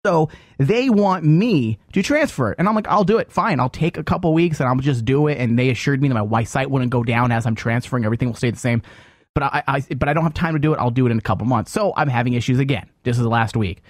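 A man's voice: mid-range voice, fast, no echo, studio quality. A man hosting a radio talk show, telling a long griping story in casual banter and mimicking phone agents.

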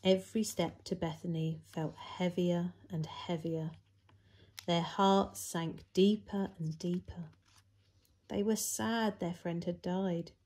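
Brief: woman storyteller for kids, low-pitched, slow, expressive delivery. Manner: expressive, big leaps in pitch and loudness for emphasis. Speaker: children's church storyteller. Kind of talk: reading a Bible story to children.

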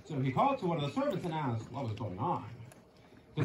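A man's voice: a little high, huge pitch swings, fast talker, lo-fi sound. A man narrating a parable on a theater stage with playful, folksy asides. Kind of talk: theatrical storytelling in a musical. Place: outdoor quarry stage. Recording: echoey open-air stage, distant mic, background noise.

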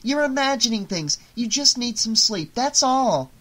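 A woman's voice: fairly high pitch, expressive, unhurried, fairly bright tone, voice pushed up. A narrator voicing an anxious, secretive mother who pleads and insists, near tears, in an audiobook. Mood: pleading. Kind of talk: audiobook character reading.

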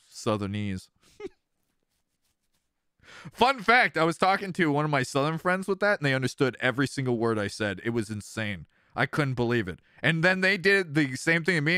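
A thirty-year-old man chats through a let's-play, jokey and quick to laugh. His voice is bright and crisp, and it swings up and down in lively bursts. The sound is close and dry, with no room around it. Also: medium pitch, dry recording. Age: 30s. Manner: animated, jokey, laughs often. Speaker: streamer, let's-play host. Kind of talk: casual game commentary, chatting with viewers.

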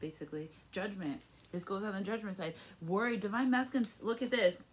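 A woman's voice: mid-range voice, fairly quick. A woman giving a casual tarot reading at home, emphatic and blunt, swearing freely and tossing in "okay?" as she goes. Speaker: tarot reader. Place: room at home.

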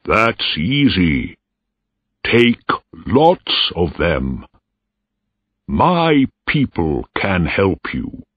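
A man voicing a friendly island king who speaks slowly, gently and courteously. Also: sits low, big pitch swings, slightly rough, no room sound, exaggerated voice. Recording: dry tinny lo-fi recording.

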